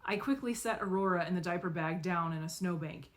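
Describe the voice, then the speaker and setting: A woman narrating a novel in the first person, expressive and acting out the dialogue. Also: lowish voice, fairly quick, few pauses. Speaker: audiobook reader.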